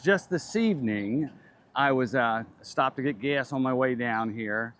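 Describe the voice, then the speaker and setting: A man speaking as an interview guest, plain and a little hesitant, pausing with "uh". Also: mid-range voice, a bit bright. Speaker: lodge member, guest. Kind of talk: casual interview.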